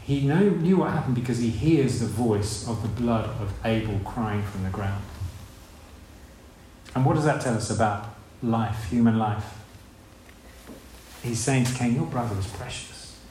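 A man preaching a sermon in a relaxed, conversational way, throwing out rhetorical questions and briefly acting out the voices of the people in his story. He sits at a middle pitch. The sound is roomy, with a faint hum of ambience behind it. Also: a little slow. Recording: echoey room with faint ambience.

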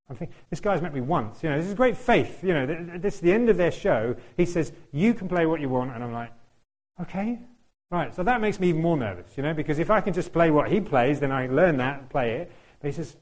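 A man telling a lively anecdote, laughing often and acting out what other people said. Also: fast. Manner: animated, laughs often, acts out quotes in a higher voice. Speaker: tuba player telling a story. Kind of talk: anecdotal storytelling.

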